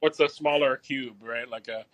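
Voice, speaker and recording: A man's voice: mid-range voice, steady tone, normal speed, a crowd in the background. A young man co-hosting a podcast in casual chat, rambling, laughing often and swearing freely. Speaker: podcast co-host.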